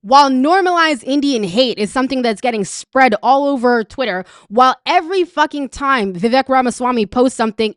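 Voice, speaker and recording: Canadian woman ranting about politics, swears a lot, sarcastic, higher voice, dry close sound. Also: animated, fairly quick, hardly any pauses, dry recording. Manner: angry, profane, sarcastic. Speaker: political commentator. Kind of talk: ranting reaction commentary.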